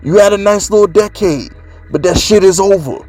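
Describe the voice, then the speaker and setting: A man's voice: sits high, moderate pace, a little mellow, faint music behind. A man hosting a sports fan channel, ranting brashly and trash-talking rival fans. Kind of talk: casual fan rant.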